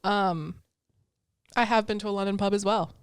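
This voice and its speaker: A woman's voice: medium pitch, steady tone, moderate pace, clean tone, no echo, studio quality. A woman co-hosting a podcast, chatting casually with a friend, laughing often and poking fun at herself. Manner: giggly, self-mocking, reads lyrics aloud. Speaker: podcast co-host. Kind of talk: casual chat.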